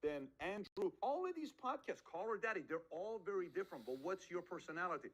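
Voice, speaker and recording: A man's voice: sits high, very animated, a little fast, low-quality recording. A man hosting a podcast, giving motivational advice with punchy rhetorical questions and acted-out quotes. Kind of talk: motivational talk.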